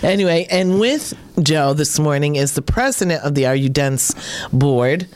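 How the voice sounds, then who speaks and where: Hoarse, deep-voiced woman radio host. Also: animated, moderate pace, a little mellow, slight background noise. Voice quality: deep throaty voice. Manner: chatty, rambling, with fillers. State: hoarse, under the weather. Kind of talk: morning radio interview. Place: radio studio.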